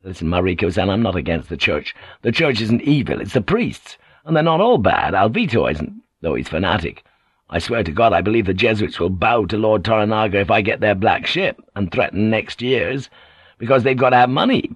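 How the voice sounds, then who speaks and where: A man's voice: fairly low pitch, sing-song, brisk, slightly rough, no echo, exaggerated voice. A man voicing a bold, impatient English ship's pilot who talks bluntly and urgently. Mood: forceful.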